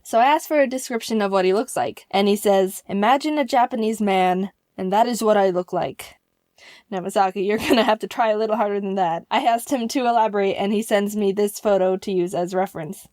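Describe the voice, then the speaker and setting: A woman telling a funny personal story in an animated, playful style, with quick jokes. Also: mid-range voice, dry recording, studio quality.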